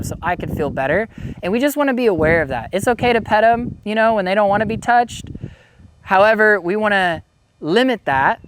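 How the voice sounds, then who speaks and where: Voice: medium pitch, fairly bright tone. A dog trainer giving a casual instructional talk, easygoing and explanatory, often saying "you know".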